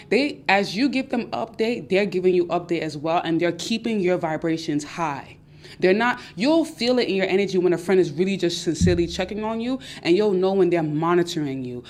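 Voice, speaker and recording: Animated woman giving girl-talk advice. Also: lowish voice. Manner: animated, acts out friends' voices. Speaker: podcast host. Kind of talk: casual advice monologue.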